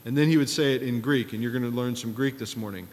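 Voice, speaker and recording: A man in his thirties preaching a sermon in a relaxed, storytelling way, with wry asides. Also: mid-range voice, quick pace, in a large hall. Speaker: pastor.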